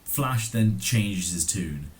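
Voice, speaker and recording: A man's voice: low-pitched, expressive, slow. A man co-hosting a podcast, casually recapping a comic with lots of ums and likes. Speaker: podcast co-host.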